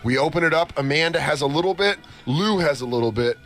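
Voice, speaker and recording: A man's voice: on the high side, expressive, fast, a bit bright, faint music behind. A man co-hosting a comedy talk show, telling a long story in a rambling, profane way. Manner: rambling, profane, acts out quotes. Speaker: comedy podcast co-host. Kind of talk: casual storytelling chat.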